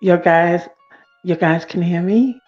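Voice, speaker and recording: A woman's voice: fairly low pitch, slow pace, a little mellow, highs cut off, soft background music. A woman calling in to a livestream, repeatedly asking whether she can be heard. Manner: unsure, repeating connection checks. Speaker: caller. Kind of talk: casual livestream call-in.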